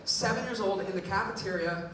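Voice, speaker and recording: A man's voice: high voice, brisk, bright, forceful tone. Man doing stand-up in an echoey hall. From Bay Area, California. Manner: storytelling with acted-out quotes and frequent laughs. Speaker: stand-up comedian. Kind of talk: stand-up comedy set. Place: large venue with a live audience. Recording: echoey, distant, noisy live recording.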